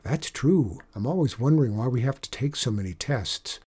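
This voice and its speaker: An eager, curious schoolgirl from a storybook, asking one excited question after another, as a man reads her part. The voice rises high and keeps a husky edge. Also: normal speed. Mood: thoughtful.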